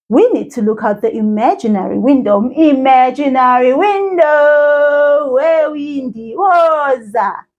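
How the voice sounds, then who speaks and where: Woman, children's language teacher, high voice, slow sing-song delivery aimed at a child viewer. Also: mellow, husky. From South Africa.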